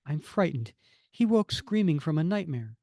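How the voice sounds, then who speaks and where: A man's voice: a little high, sing-song, moderate pace, darkish tone, dry recording, clean studio sound. A man reading the lines of a frightened wife from a comic, in an anxious, pleading way.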